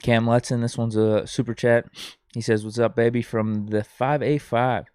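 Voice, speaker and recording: A man's voice: mid-range voice, flat delivery, normal speed, darkish tone, smooth, dry recording. A man co-hosting a podcast in casual chat, reading out viewer comments and adding dry remarks. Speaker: podcast co-host.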